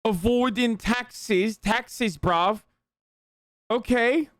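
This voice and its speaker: High-pitched profane young man reacting. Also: very slow, no room sound, studio quality. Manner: profane, mocking, incredulous. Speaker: streamer reacting to a TV show. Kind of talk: casual reaction commentary.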